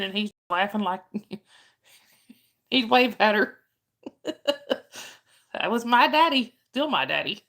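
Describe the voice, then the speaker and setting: On a relaxed live chat, a chatty middle-aged woman calls out viewers by name and responds to their chat questions. Her voice is medium in pitch and a bit bright.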